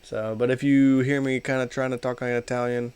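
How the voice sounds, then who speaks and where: A man's voice: medium pitch, level tone, brisk, a little mellow, smooth. A man co-hosting a podcast in casual chat, laid-back, often trailing off and laughing. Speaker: podcast co-host.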